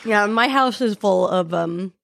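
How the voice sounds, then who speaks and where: A young woman guesting on a podcast, speaking in a relaxed, soft-spoken way. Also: medium pitch, unhurried, creaky, no echo, clean studio sound. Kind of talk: casual chat.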